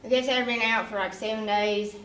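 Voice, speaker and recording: A woman's voice: fairly high pitch, steady tone, brisk, a bit bright, roomy sound, recorded from a distance, low-quality recording. A woman giving an emotional, conversational church testimony, often checking in with her listeners. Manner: emotional, conversational, often asks "you know?". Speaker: testimony speaker.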